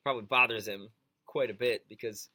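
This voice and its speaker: Bright-voiced amused male radio co-host. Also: on the low side, fairly even intonation, a little fast, dry recording. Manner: chatty, amused, wry. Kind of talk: casual chat.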